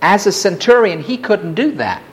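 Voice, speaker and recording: A man's voice: high-pitched, sing-song, moderate pace. A middle-aged man preaching a sermon, telling the story with dramatic, emphatic outbursts.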